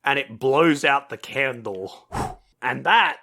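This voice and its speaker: Speaking slowly in a mid-range voice with a bright, forceful tone, a man co-hosts a podcast and chats casually about an old film. He rambles, swears, and uses lots of fillers.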